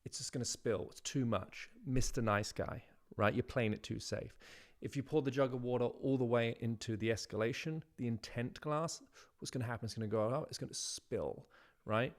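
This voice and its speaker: Man coaching casually, peppering "right?". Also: medium pitch. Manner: conversational, repeats "right?", demonstrates lines by slowing his delivery. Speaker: dating coach. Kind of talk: instructional talk to camera.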